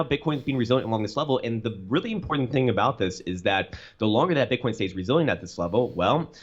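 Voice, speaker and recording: Fast-talking low-voiced man, lo-fi audio. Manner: rapid, with many restarts. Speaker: guest chart analyst. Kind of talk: casual chart analysis on a call.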